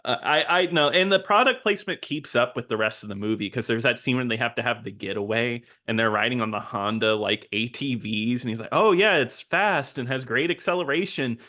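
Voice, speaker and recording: Bright-voiced man on a casual podcast. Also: medium pitch, fairly quick, few pauses. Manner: chuckling, relaxed recapping. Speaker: podcast co-host. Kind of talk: casual chat.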